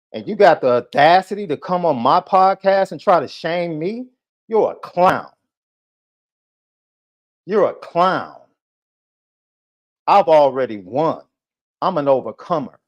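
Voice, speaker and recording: A man hosting a live podcast, ranting heatedly and repeating his taunts at a critic. His voice sits a little high. The audio is muffled and lo-fi, like a compressed stream. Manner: combative, taunting, repetitive. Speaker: podcast host.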